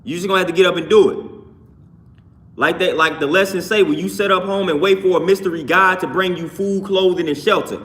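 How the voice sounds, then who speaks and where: A man's voice: high voice, a little fast, a bit bright. A man hosting a livestream, talking to chat in a repetitive, preachy way. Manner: preachy, repeats phrases, greets chat by name. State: just worked out. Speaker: livestream host. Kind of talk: casual livestream talk reading chat.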